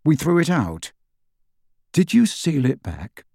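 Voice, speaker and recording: A man's voice: fairly high pitch, wildly swooping pitch, takes it slowly, gravelly, dark tone, dry recording, clean studio sound, pitched above the performer's own voice, heavily acted. A man voicing a determined young male wizard who speaks in an urgent, commanding way in an audiobook. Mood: stern. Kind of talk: audiobook character voice.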